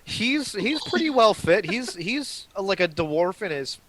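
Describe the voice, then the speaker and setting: A man's voice: high-pitched, sing-song, a little slow, a bit bright, slight background noise. A man narrating his characters at a tabletop game, rambling with many restarts. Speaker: player.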